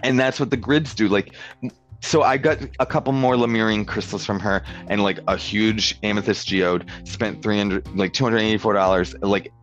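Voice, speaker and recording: Man, casual chat, rambling, lots of "like", low voice, dull lo-fi sound, faint guitar behind. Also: steady tone, normal speed. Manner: rambling, full of "like", quotes people in voices.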